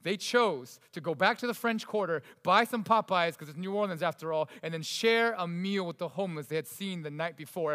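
A man preaching a sermon in a fairly high voice. He moves between forceful, raised emphasis and soft, hushed stretches. The sound carries a long reverb, as in a large hall. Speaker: pastor.

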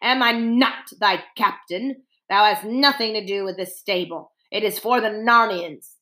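A woman's voice: mid-range voice, measured pace, bright, forceful tone. A woman voicing a haughty male army captain with stern, old-fashioned speech. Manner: stern, archaic speech, commanding.

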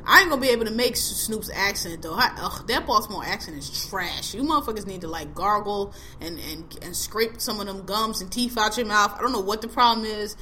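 A woman's voice: mid-range voice, brisk, hardly any pauses, sharp tone, slight background noise. A woman hosting a podcast, chatting casually about a TV show in blunt, profane slang and laughing often. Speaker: podcast host. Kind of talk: casual chat reviewing a TV show.

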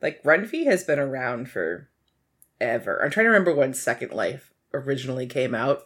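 A woman's voice: extremely low pitch, big pitch swings, normal speed, slightly rough. A woman hosting a podcast in casual chat, rambling and laughing often between fillers. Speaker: podcast host.

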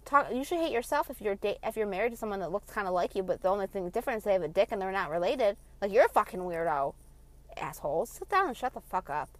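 A woman's voice: medium pitch, big pitch swings, fast talker, no echo. Ranting, cursing woman in her late 20s. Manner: heated, profane, blunt. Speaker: vlogger. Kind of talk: passionate rant. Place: in her car.

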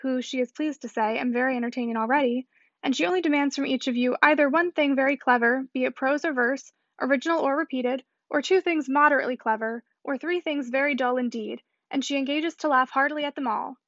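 A gallant young gentleman full of teasing impudence, read by a woman. The voice stays high. The recording is dry and muffled. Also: fast talker, no echo. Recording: dull dry audiobook recording.

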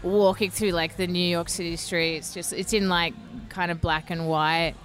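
A woman's voice: on the low side, fairly even intonation, moderate pace, a bit bright. A woman in casual conversation as a guest, talking loosely with lots of fillers and restarts. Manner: chatty, lots of "like" and "you know". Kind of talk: casual podcast chat.

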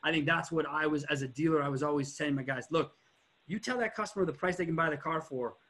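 High-voiced man telling car sales stories. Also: fast. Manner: animated storyteller, acts out customers, swears. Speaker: former car dealer. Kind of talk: casual podcast chat.

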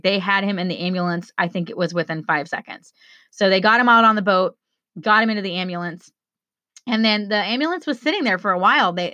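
A woman in her thirties speaks to her viewers in a low voice, shaken and close to tears. She halts and restarts often, full of ums. The recording is close and dry, with no room sound. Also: sharp tone, dry recording. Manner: shaken, halting, with many fillers and restarts. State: choked up. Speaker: vlogger. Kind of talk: emotional personal account to viewers.

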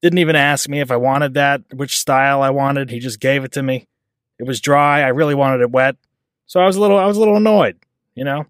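A man's voice: mid-range voice, a little fast, no room sound, studio quality. A man hosting a podcast, telling a rambling everyday story in a casual, self-deprecating way. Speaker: podcast host. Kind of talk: casual monologue.

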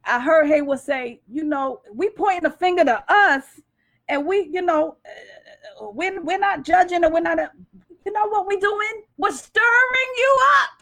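A woman's voice: very high-pitched, moderate pace, fairly bright tone. A woman co-hosting a faith discussion, speaking in an emphatic preaching style with call-and-response. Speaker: co-host.

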